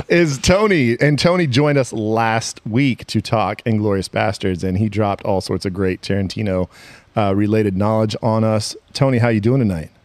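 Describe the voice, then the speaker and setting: A man's voice: lowish voice, normal speed, dry recording. A man hosting a casual podcast, joking with his co-hosts as he runs the show. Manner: jokey, runs the show with restarts. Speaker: podcast host.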